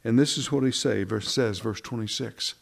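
A man's voice: mid-range voice, moderate pace, creaky. A man preaching into a microphone, reading scripture and talking in a conversational, wry way full of rhetorical questions. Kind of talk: sermon.

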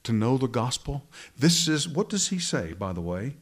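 Man preaching, earnest, talks right to the congregation, middle-pitched voice. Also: very animated, moderate pace, hardly any pauses. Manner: earnest, addresses congregation directly. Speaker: pastor. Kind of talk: sermon.

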